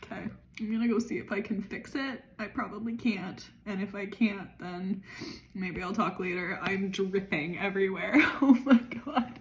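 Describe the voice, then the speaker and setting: A woman's voice: medium pitch, flat delivery, normal speed. A woman writer vlogging her progress late at night, crying and laughing as she rambles, sometimes dropping to a whisper. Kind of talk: late-night casual vlog. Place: indoors at her computer.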